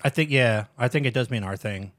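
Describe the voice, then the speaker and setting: A man's voice: mid-range voice, a bit bright, dry recording. A man hosting a podcast in casual chat, telling stories and swearing freely. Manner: swearing, storytelling, quick to laugh. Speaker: podcast host.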